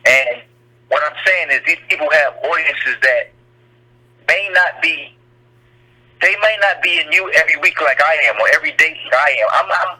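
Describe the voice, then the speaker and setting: A man's voice: a little high, normal speed, sharp tone. A man calling in to a talk show who stumbles and restarts as he presses his point. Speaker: caller. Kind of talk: call-in phone conversation. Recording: tinny phone line.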